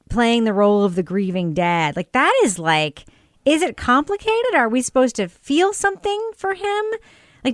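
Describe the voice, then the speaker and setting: A woman's voice: a little high, no echo, studio quality. A woman co-hosting a podcast in casual chat, thinking aloud and posing questions with lots of "like" fillers. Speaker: podcast co-host. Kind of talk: casual chat reviewing a TV series.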